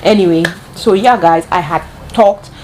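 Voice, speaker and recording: A woman with a lowish voice tells a storytime tale. She talks straight to her viewers and repeats points for emphasis. A faint hiss sits under her voice. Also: moderate pace, darkish tone, rough recording. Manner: chatty, addresses viewers directly, repeats herself for emphasis. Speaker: vlogger. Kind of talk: storytime monologue.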